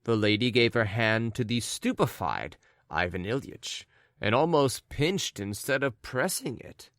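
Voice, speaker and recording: The audiobook narrator, a man with a medium-pitched voice, works through a classic story in scripted narration, measured and even throughout, captured in a dry, studio-quality recording.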